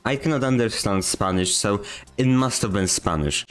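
A man hosting his channel, reading viewer comments aloud and mocking them with deadpan, slangy sarcasm. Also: on the low side, moderate pace. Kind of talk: comedic comment-reading vlog.

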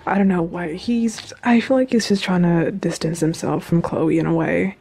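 A woman talks through a show recap in casual, animated fan chatter. Her voice sits a little low and carries a gravelly, creaky fry. She gushes and exclaims as she goes. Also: moderate pace. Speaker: video reviewer.

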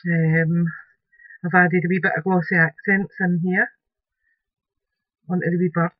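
Slow, chatty woman crafter. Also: fairly low pitch, little pitch movement, no room sound, phone-quality sound. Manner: chatty and homely, describing her work as she shows it. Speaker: craft tutorial host. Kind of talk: casual craft demonstration.

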